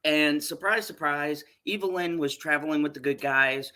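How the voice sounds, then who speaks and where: A woman's voice: deep voice, moderate pace, pushed and bright. A woman giving a profane, exasperated rant while reviewing a show.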